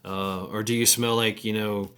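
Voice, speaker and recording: Man, low voice, casual vlog talk, halting, lots of fillers, crude slang. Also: little pitch movement, fairly bright tone, clean tone. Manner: halting, many repeated words and fillers. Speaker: vlogger. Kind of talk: rambling casual talk to camera.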